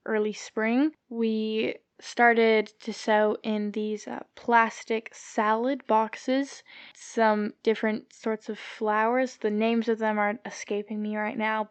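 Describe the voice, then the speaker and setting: Young woman guest, high clear voice, matter-of-fact answers, dry close mic. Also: level tone, slow pace, no room sound. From Southwestern Quebec. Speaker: guest gardener. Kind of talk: casual podcast interview answers.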